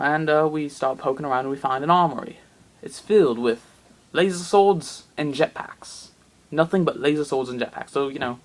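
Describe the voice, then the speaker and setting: Male storyteller, slightly high gravelly voice, rambling and excitable. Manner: rambling, excitable, many fillers. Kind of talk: comic absurd storytelling.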